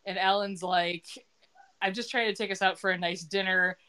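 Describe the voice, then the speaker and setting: A woman's voice: mid-range voice, steady tone, moderate pace, sharp tone, clear, resonant tone. A middle-aged woman hosting a podcast, chatting casually as she retells TV scenes and quotes characters' lines. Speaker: podcast host recapping a TV episode. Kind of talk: casual chat.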